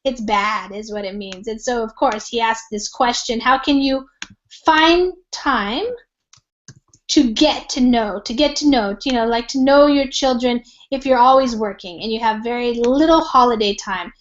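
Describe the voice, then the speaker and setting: A woman's voice: a little high, moderate pace. An American woman teaching an online English reading lesson, explaining words patiently with lots of fillers and examples. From United States. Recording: dull lo-fi call audio.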